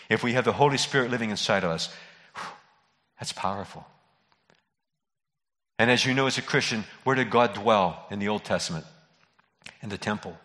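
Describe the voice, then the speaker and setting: A man's voice: on the low side, a bit bright. Man, pastor, earnest sermon, repeats phrases, long church reverb. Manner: earnest preaching, repeats key phrases for emphasis.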